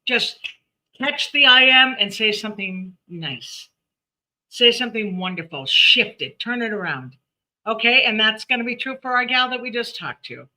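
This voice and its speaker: Bright, chatty woman numerologist. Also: mid-range voice. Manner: chatty, animated, laughs often. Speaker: numerologist host. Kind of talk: live-stream chat and readings.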